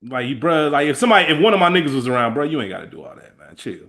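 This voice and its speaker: A man co-hosting a podcast in casual, slangy chat, with a laid-back, lively way of retelling scenes. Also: a little high, racing. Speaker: podcast co-host.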